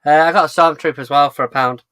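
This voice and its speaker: A man with a bright, sharp voice and a slightly high pitch, co-hosting a casual stream. He drops dry, teasing quips, and the sound is close and dry with no room around it. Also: steady tone, quick pace, smooth, no room sound. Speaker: co-host of a movie live stream. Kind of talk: casual chat.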